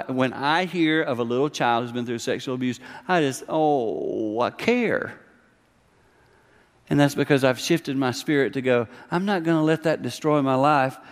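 A middle-aged man preaching a sermon in a conversational, emphatic way, often acting out the voices of the people he quotes. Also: medium pitch. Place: church hall. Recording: long hall reverb.

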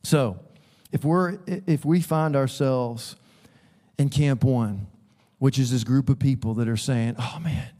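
A man preaching a sermon as a pastor, conversational and animated, acting out voices as he tells stories. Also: medium pitch, slow. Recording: long hall reverb.

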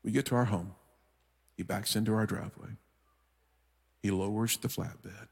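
A man preaching a sermon, telling a story with humor and lively energy. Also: lowish voice, normal speed, gravelly, breathy edge. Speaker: guest preacher. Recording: long hall reverb from church.

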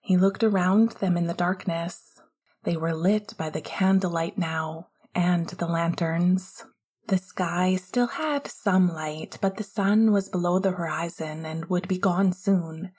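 A woman narrating a romance audiobook in a soft, unhurried storytelling manner. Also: fairly low pitch, breathy edge.

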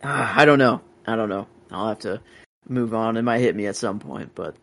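A man's voice: lowish voice, normal speed, vocal fry, fairly bright tone, no room sound. A man co-hosting a podcast, chatting casually about a TV episode, often hesitating and trailing off mid-thought. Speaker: podcast co-host. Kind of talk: casual chat recapping a TV episode.

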